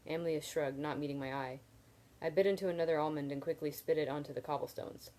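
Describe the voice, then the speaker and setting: A woman's voice: sits low, a little fast, darkish tone, rough recording. A woman reading a novel aloud on a live video, stopping now and then for casual asides to her viewers. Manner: casual asides between reading, laughs at comments. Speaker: reader.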